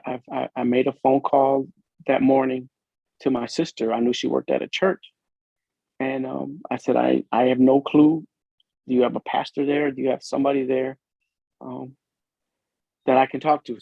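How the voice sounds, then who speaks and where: A man from Illinois who works as a police officer, giving an earnest, emotional personal testimony in a podcast interview, with halting, restarting speech. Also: medium pitch, level tone, creaky, no echo. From Illinois, USA. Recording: dull lo-fi dry recording.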